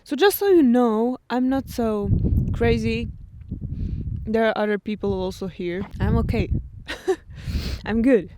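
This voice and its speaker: A young woman from Croatia talks to her handheld camera on a windy island hilltop, emotional and chatty, laughing through tears. Her voice sits a little high and her speech is slow and unhurried. Heavy wind and outdoor noise roar behind her. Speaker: travel vlogger. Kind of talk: casual vlog talk to camera.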